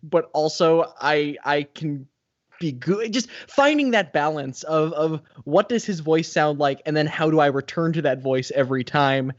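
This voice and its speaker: A man actor talking about his role over a video call, halting and self-deprecating, with many restarts. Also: a little high, highs cut off. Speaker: stage and voice actor.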